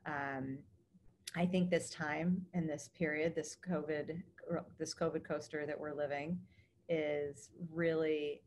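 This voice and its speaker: A woman's voice: deep voice, level tone, slow, a little mellow, slight background noise. A woman hosting an interview, reacting effusively and gushing over her guest's story. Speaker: podcast host. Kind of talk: interview conversation.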